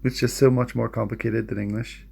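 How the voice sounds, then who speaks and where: A man talking through his computer screen in a casual how-to vlog. He rambles in a relaxed, self-deprecating way and slows down, hesitant, when he sounds out words. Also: medium pitch, vocal fry, slightly rough. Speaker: language learner vlogger. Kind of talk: casual screen-share tutorial. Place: at a home computer.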